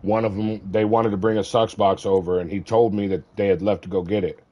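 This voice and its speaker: A man's voice: lowish voice, little pitch movement, fairly quick, lo-fi sound. A middle-aged man chatting casually on a gaming stream, cursing freely, joking and laughing often.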